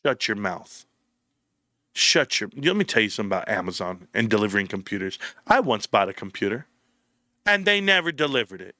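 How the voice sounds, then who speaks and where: A man's voice: lowish voice, sing-song, fairly quick, bright, forceful tone, no echo, clean studio sound. A young man hosting a casual livestream, joking and riffing as he reads chat messages aloud. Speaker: livestream host.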